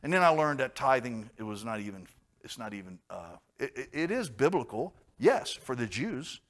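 A man's voice: mid-range voice, big pitch swings, moderate pace. Blunt, chatty male preacher. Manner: conversational and blunt, with joking asides and sudden loud stresses. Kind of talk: casual Bible teaching.

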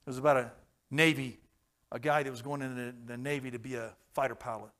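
A man preaching a sermon, telling stories with folksy jokes and chuckles, swinging from hushed tones to loud, fervent passages. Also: medium pitch, fairly even intonation, quick pace.

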